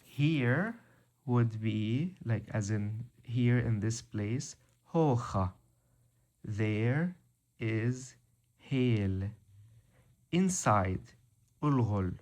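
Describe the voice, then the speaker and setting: A man giving a language lesson, reading out words slowly and deliberately one by one. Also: mid-range voice, lively intonation, darkish tone. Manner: slow, deliberate, spells out word by word. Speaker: language teacher.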